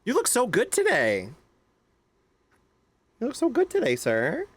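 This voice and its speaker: A man streaming a game live, chatting casually with loud, excitable outbursts. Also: extremely high pitch, a little slow, no echo. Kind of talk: casual live-stream chat over gameplay.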